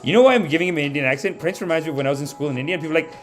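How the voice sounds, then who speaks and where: A man's voice: on the high side, very fast, hardly any pauses, faint music behind. A man hosting a comedy live stream, ranting casually in a rambling, profane way into a home mic.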